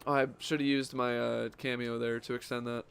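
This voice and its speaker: A man's voice: medium pitch, level tone, a little fast, vocal fry, clean tone. A man giving casual, jokey commentary while playing a fighting game, reacting aloud to each moment of the match. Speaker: gaming streamer.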